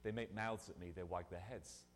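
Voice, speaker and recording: A man preaching a sermon in a lively, conversational way, often restarting his phrases. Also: low-pitched, moderate pace. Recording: long hall reverb.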